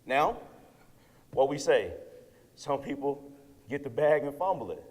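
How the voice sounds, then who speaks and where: A man in his thirties giving an energetic motivational keynote to students, often checking in with "right?". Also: mid-range voice, unhurried. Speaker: keynote speaker. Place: lecture hall with audience. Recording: long hall reverb.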